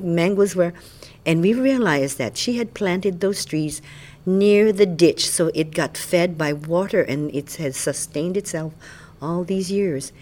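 Older woman fondly recalling childhood. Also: lowish voice. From Hawaii. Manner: fond, animated storytelling. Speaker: interviewee. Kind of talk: oral history interview.

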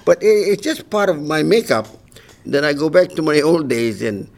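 A man's voice: fairly high pitch, very animated, normal speed, gravelly, a little mellow. An older man with a Hawaiian accent, a retired principal telling funny stories in a group conversation and laughing as he goes.

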